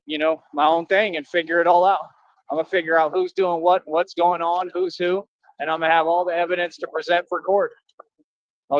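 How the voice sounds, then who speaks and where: A man's voice: on the high side, no room sound. Man, livestream rant, boastful, confrontational, slangy, dry close sound, muffled lo-fi. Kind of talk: rambling monologue to viewers.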